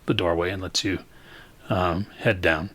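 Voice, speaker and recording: A man narrating as game master of a tabletop game, describing scenes in a halting way with many fillers. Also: deep voice, steady tone, fairly bright tone, breathy edge.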